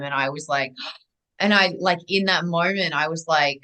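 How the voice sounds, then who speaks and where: Bright-voiced young woman, rambling and animated. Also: on the low side, normal speed, low-quality recording. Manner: rambling and animated, with many restarts. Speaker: guest. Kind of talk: casual conversational storytelling.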